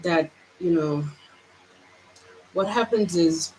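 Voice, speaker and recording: A woman vlogger with a Jamaican accent, pouring out her feelings in a halting personal monologue full of restarts. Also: on the low side, darkish tone, slight background noise, rough recording.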